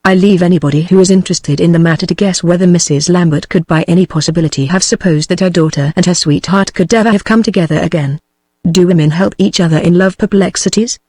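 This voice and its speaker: High-pitched synthetic male audiobook voice. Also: quick pace, dry recording. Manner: even machine reading, reads punctuation aloud. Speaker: audiobook narrator. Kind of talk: synthetic text-to-speech book reading.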